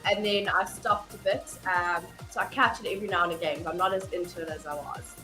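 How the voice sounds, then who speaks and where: A woman's voice: on the low side, steady tone, fast talker, bright, forceful tone, faint music behind. A woman, co-hosting a workout class, chatting casually with giggly asides. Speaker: fitness co-host. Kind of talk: casual chat.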